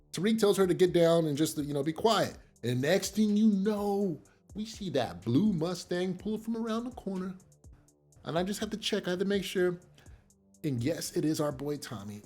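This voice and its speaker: Excitable high-voiced male recap host. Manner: animated, profane, excitable. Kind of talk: casual episode recap.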